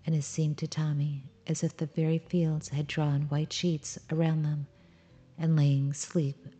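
A woman reading a children's story aloud in a calm, measured storybook style. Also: low-pitched.

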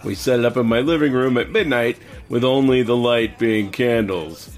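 A man reading stories aloud on a casual podcast at a middling pitch. He keeps a steady storytelling pace. Soft music sits faintly underneath. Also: moderate pace.

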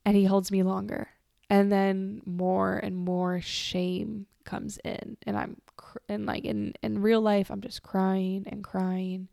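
A woman's voice: mid-range voice, vocal fry, dark tone, dry recording, studio quality. A woman podcast host telling a personal story in a candid, casual way, swearing freely and trailing off and restarting as she talks.

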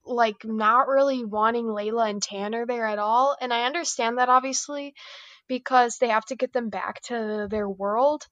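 High-voiced woman chatting on a podcast. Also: moderate pace, a bit bright, dry recording, dull audio. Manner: meandering, hesitant, heavy use of "like". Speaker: podcast guest. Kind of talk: casual chat.

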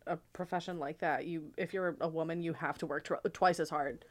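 A young woman co-hosting a casual movie podcast, upbeat and quick to laugh. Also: low voice, steady tone. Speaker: podcast co-host. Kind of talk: casual chat.

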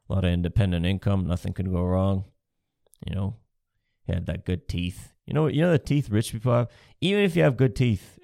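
A man's voice: mid-range voice, vocal fry, a little mellow, no echo, studio quality. A man from Canada doing a profane, sarcastic comedic rant, mocking the people he talks about.

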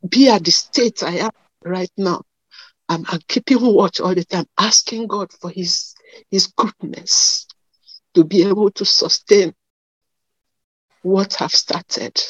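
Tearful woman, very slow and halting, dull dry lo-fi recording. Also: on the low side, slightly rough, no room sound. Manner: slow, halting, emotional, with many fillers. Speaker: testimony giver. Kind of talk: emotional personal testimony.

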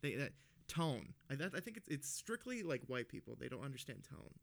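A man's voice: medium pitch, big pitch swings, a little fast, vocal fry, a bit bright. A man co-hosting a casual podcast, telling a story in a profane, ranting way, still worked up and heated. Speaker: podcast co-host.

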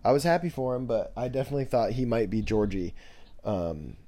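A young man in his twenties rambles through a podcast story, scatterbrained and jokey, piling on fillers. His voice is warm and mellow at a middling pitch. He leaps up high whenever he quotes somebody else. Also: brisk. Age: 20s. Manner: animated, jumps into high voices when quoting others. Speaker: podcast host. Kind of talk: casual storytelling monologue.

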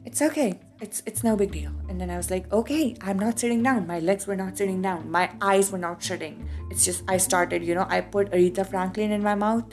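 A woman from India with an Indian accent, hosting a podcast and telling a personal story in a casual, animated way, acting out both sides of conversations. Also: mid-range voice, fairly quick, few pauses, faint music behind. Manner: animated, acts out both sides of quoted dialogue, frequent swearing. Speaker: podcast host.

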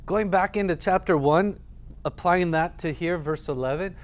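A man's voice: high-pitched, moderate pace. A male pastor giving a sermon, reading scripture and then telling a story in a conversational way with frequent fillers and restarts.

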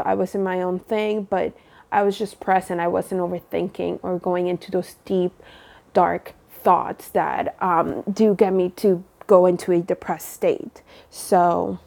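Gravelly, mellow young woman vlogging. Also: mid-range voice. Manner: rambling, candid, encouraging, with many fillers. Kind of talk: casual personal talk to viewers. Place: home.

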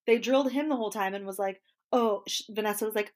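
A woman's voice: medium pitch, fast, hardly any pauses, darkish tone. A woman co-host in easy, casual chat, gossiping bluntly about what she watched. She slips into little acted-out quotes as she goes, and her voice sits in the middle of the usual range. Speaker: podcast co-host.

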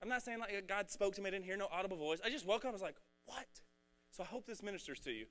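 A man preaching a casual, energetic sermon, talking in a rambling, conversational way. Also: high-pitched, very fast. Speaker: pastor.

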